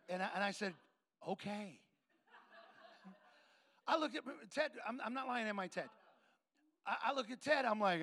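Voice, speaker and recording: A man preaches through a personal story. His voice sits high and carries a gravelly edge. He leans into the quoted lines and voices each person in turn. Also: normal speed. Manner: animated storyteller acting out dialogue. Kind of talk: sermon storytelling.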